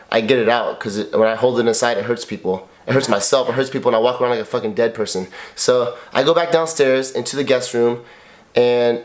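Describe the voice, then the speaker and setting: A man in his thirties co-hosting a couple's podcast, talking in a raw, confessional way, blunt and emotional, cursing often and repeating himself. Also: medium pitch. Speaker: podcast co-host, husband.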